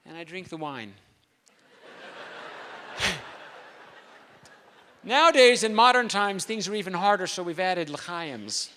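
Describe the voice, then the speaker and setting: Man doing a funny story talk, high bright voice, big reverby hall. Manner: animated, comic storytelling with quoted voices. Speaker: speaker at a convention.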